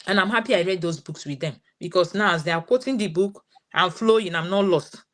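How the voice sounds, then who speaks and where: A woman's voice: lowish voice, a little fast. A woman in her thirties with a Nigerian English accent, telling a story as a parent guest in a live session and quoting her daughter's words.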